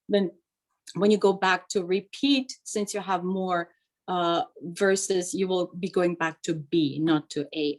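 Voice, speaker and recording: A woman's voice: medium pitch, rough recording. A woman teaching liturgical chant in an online workshop, explaining tones, breaking into short sung examples and checking in with "right?". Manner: frequent fillers and "right?" checks. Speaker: chant instructor.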